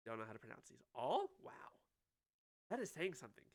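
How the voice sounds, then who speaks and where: A man giving casual, chatty let's-play commentary and reacting excitedly to his chat. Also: mid-range voice, a little fast. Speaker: streamer playing a game. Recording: clear background noise.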